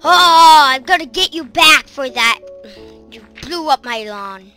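A woman's voice: high-pitched, animated, unhurried, pushed and bright, soft background music. A woman giving let's-play commentary as she plays, chattering to herself and breaking into shrieks and screams whenever monsters appear. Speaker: gaming channel host.

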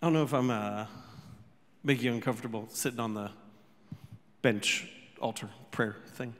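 A man preaching a sermon as pastor, telling the story with jokes, quick asides and sudden shouts. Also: medium pitch, big-room sound. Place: church sanctuary.

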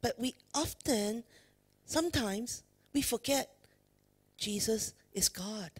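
Speaking slowly in a slightly high, breathy voice, this woman preacher delivers a forceful sermon during a church service. She keeps questioning the congregation and leans on "you know" as a filler.

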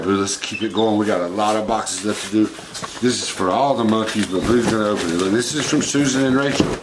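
A man with a lowish voice, talking to his pet in a relaxed, playful, coaxing way and chuckling often. He is recorded at home on a home video with a steady hiss of noise behind him. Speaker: pet vlog host. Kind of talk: casual chat with a pet while unboxing. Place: home living room.

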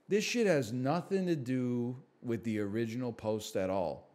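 A man in casual live-stream chat, sarcastic and quick to fake outrage. His voice sits at an ordinary middle pitch for a man. He talks to his audience as if he were ranting to friends. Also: darkish tone. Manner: sarcastic, mock-outraged rants.

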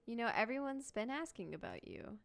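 A woman's voice: a little high, animated, a little fast, vocal fry. A woman reading as a welcoming old mayor. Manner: plain reading, softening at line ends. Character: welcoming older male town mayor.

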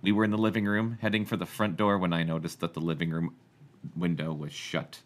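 A woman co-hosting a podcast, reacting to a novel reading with quick jokes and laughs. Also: very deep voice, flat delivery. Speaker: podcast co-host. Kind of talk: casual chat.

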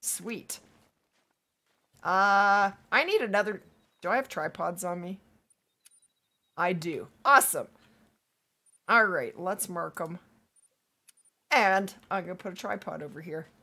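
A woman hosting a hunting-game livestream, chatting casually with viewers and reading their messages aloud, her voice going hoarse from days of streaming. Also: on the low side, bright, forceful tone. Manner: upbeat, chatty, reads chat aloud, quick to laugh. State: losing her voice. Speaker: livestream gaming host. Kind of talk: casual livestream chat while playing.

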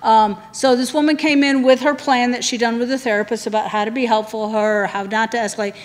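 A woman's voice: fairly high pitch, steady tone, fast, big-room sound. A woman leading a training session, talking conversationally and putting questions to the room.

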